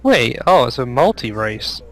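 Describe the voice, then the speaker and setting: A man with a gravelly, creaky voice hosts a casual chat show. He jokes and teases his co-hosts and laughs often. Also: medium pitch, sing-song, measured pace, a bit bright, poor audio. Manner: joking, teasing, laughs often. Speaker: podcast host.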